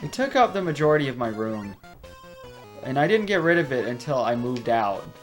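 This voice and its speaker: A man's voice: medium pitch, very animated, a little fast, soft background music. A young man hosting a game playthrough, chatting casually and rambling off on tangents while he laughs often. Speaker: let's play host. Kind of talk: gameplay commentary. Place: home room.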